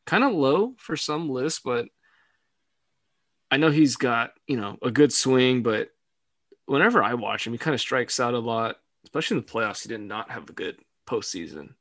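Young male podcast co-host, easygoing and giggly, mid-pitched, dry close recording. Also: lively intonation, normal speed, fairly bright tone, dry recording. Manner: laughs often, hedging fillers. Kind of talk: casual sports podcast chat.

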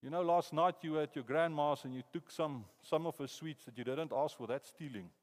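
A man with a South African accent voicing a grave male judge in a hushed, solemn way, with long hall reverb. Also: a little high, fairly quick, lightly acted. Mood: gentle. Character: grave judge weighing guilt and mercy, male.

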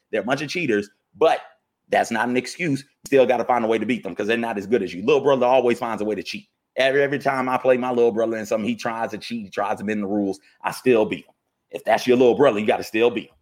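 A man, fired up and ranting about football as a podcast co-host, jumping from loud outbursts to low grumbles. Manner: fired-up, swings from shouting to muttering. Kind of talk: heated sports rant.

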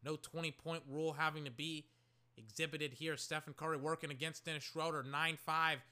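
A man from Oakland, California, casually calling a basketball game he is watching, rambling with lots of "like" and breaking into excited shouts. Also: fairly high pitch, a little fast. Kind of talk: casual play-by-play while watching.

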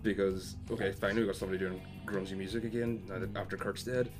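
A man hosting a podcast in casual chat, lively and argumentative, swearing freely. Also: low voice, fast, over music. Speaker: podcast host.

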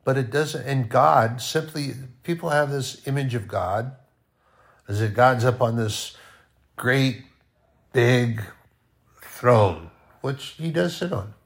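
A man giving an informal, conversational sermon, often dropping to a quiet voice. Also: medium pitch, animated, slow pace, pauses often. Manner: conversational, with sudden soft drops to near-quiet. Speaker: preacher.

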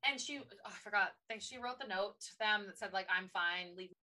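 A woman's voice: mid-range voice, a little fast, sharp tone, poor audio. A woman co-hosting a casual book-discussion podcast. She talks animatedly and acts out characters' lines in exasperated quoted voices. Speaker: podcast co-host.

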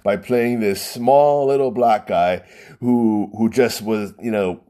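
A man's voice: lowish voice, slow, warm tone. A man telling a rambling story in a casual monologue, often repeating words and restarting.

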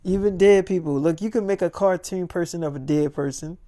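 Dude rambling thru a story, loose slangy cussing, mellow dark voice. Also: male voice, high-pitched, fairly quick. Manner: profane, rambling, casual slang. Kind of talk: rambling first-person monologue.

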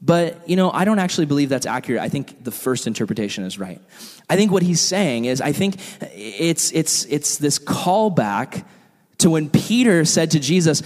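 A man's voice: fairly high pitch, moderate pace, big-room sound. Chatty young Bible study leader, man. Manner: conversational, filler-heavy, animated with asides. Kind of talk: casual Bible teaching.

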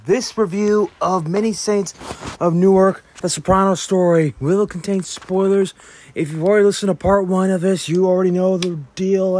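A man's voice: high voice, a little mellow. A young adult man hosting a podcast, giving a casual, rambling movie review with frequent restarts. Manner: rambling, chatty, with self-corrections and restarts. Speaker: podcast host. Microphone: podcast microphone.

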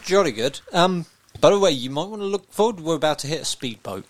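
A man's voice: on the high side, expressive, quick pace. A man co-hosting a movie podcast, playing a scheming villain in a comedic parody with a playful, mock-villainous delivery. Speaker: podcast co-host. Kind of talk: comedic role-play parody.

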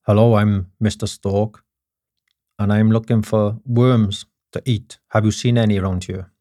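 A Welsh man voicing a polite male stork in a told joke, speaking slowly and formally. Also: lowish voice, level tone, warm tone, dry recording, studio quality, close to an everyday voice.

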